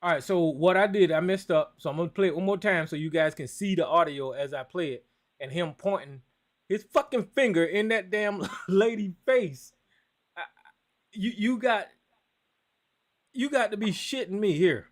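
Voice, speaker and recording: Man, high voice, call-in host, blunt, profane, stammering. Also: moderate pace. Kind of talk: casual call-in talk.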